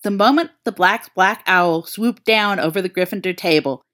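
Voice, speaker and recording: A woman's voice: normal speed, fairly bright tone, no echo, studio quality. A woman reading fan fiction aloud as narrator, acting out the dialogue with a lifted voice. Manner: acts out dialogue with raised pitch. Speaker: reader.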